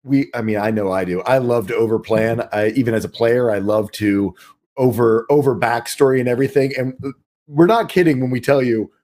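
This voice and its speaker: A man player speaking in a measured, thoughtful way over a video call. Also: medium pitch, a little mellow. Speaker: tabletop player. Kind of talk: casual chat.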